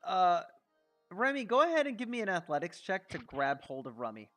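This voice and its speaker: A man in a high, bright voice runs a tabletop game as game master, calling for rolls and narrating tavern chaos. His delivery is casual and sweary. Faint music sits underneath. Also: very animated, brisk, dry recording. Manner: casual, swearing, laughing often.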